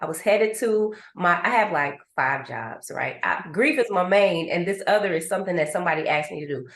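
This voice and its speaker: A woman's voice: on the low side, animated, brisk, fairly bright tone. A woman hosting a conversation about grief, telling stories animatedly and acting out little voices in asides. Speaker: host and grief coach. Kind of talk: conversational podcast talk. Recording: echoey room.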